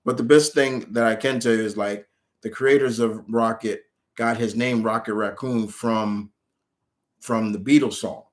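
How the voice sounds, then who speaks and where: A man's voice: lowish voice, fairly even intonation, unhurried. A man streaming live, answering viewers' questions in a rambling, casual way with many restarts.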